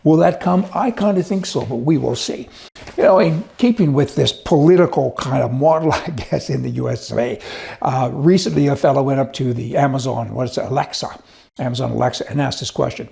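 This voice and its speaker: Gravelly, folksy male news commentator. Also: medium pitch, brisk, dark tone. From United States. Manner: folksy, emphatic, chatty with asides.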